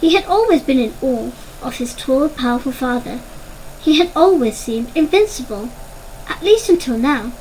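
A woman narrating a children's storybook in an expressive, dramatic way. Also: sits high, normal speed, slight background noise, poor audio.

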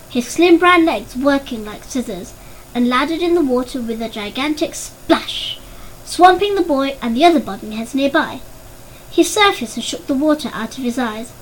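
A woman reads a story aloud with a high, clear voice. She narrates steadily and lifts her pitch for the characters' lines. A faint hum of room ambience sits behind her. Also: fairly bright tone, poor audio. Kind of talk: audiobook narration.

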